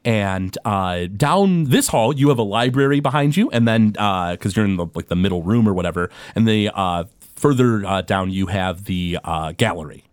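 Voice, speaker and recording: A man narrating a tabletop game as game master, halting with many fillers. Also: on the low side, clean tone, no room sound.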